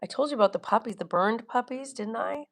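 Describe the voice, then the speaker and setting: Speaking fast in a slightly high voice with lively intonation, this Florida livestream host reads viewer comments and chats casually. The middle-aged woman laughs a lot and swears bluntly.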